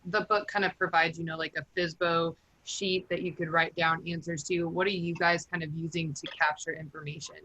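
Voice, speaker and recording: Panel host, bright tense tone, affirming questioner. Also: medium pitch, muffled recording. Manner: affirming, asks practical follow-up questions. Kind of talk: hosting a panel discussion.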